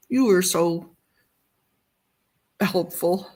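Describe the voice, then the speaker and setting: Livestream host chatting slow and easy, mid pitch, mumbles to self while clicking around. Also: animated, slight background noise. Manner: unhurried, chatty, thinks aloud while fumbling with files. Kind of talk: casual livestream chat.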